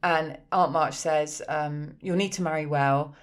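A woman with a notably deep voice for a woman. She retells the plot with eager warmth and keeps defending the film, often breaking into laughter. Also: fairly even intonation, unhurried, clear, resonant tone. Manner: enthusiastic, patiently explaining with laughter. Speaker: podcast co-host. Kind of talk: casual chat.

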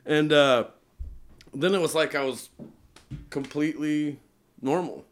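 Animated man telling a story. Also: fairly high pitch, measured pace, a little hiss or hum. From Utah. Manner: animated, laughs often, many fillers. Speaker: podcast guest. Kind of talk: casual storytelling.

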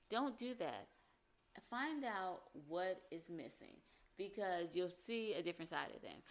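A woman with a fairly low voice talks through relationship advice in a casual, conversational way. She slips into short acted examples of what partners might say. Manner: conversational, acts out example dialogue. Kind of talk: advice talk to camera.

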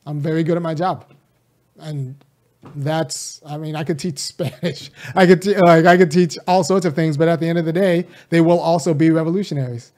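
A Californian man who teaches college delivers an impassioned, unscripted political monologue to his viewers in a casual video, speaking straight to them. His voice is a little high and darkish, with a steady tone and moderate pace. He takes his time, presses his points hard, and drifts into rambling asides.

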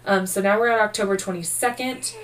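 This co-host of a true-crime podcast is sleepy and keeps yawning as she reads the case notes, telling the story with profanity and jokes. Her mid-range voice moves a little fast, and the recording is distant and poor.

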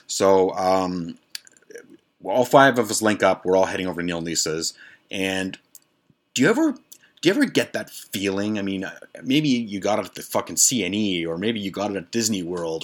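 A man's voice: low-pitched, a bit bright. A man, a podcast host telling a wild story in a casual, profane, rambling way full of fillers.

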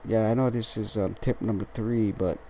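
A lethargic man talks through his solo podcast in a slightly low voice, tripping over his words and restarting often. He swears casually as he goes. A faint noise sits under the recording. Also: fairly even intonation, dark tone. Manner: rambling, halting, with frequent restarts and swearing. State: tired and lethargic. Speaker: podcast host.

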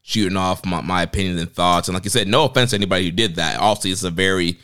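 A man co-hosting a podcast in relaxed, loose casual chat with plenty of fillers. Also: sits low, very fast, clean tone. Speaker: podcast co-host.

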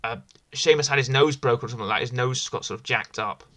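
A man's voice: medium pitch, fast, a bit bright. A man hosting a casual wrestling review podcast, rambling and enthusiastic, often repeating himself. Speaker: podcast host.

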